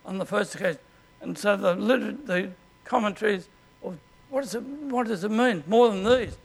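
Gravelly high-voiced Australian pastor. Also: male voice, normal speed. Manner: conversational, clears throat often. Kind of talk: sermon.

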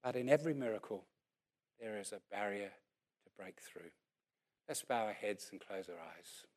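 A man around sixty, preaching a sermon as a lively story and then leading a prayer, acting out what people said. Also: lowish voice, normal speed. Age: about 60. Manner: animated storyteller who acts out what people said.

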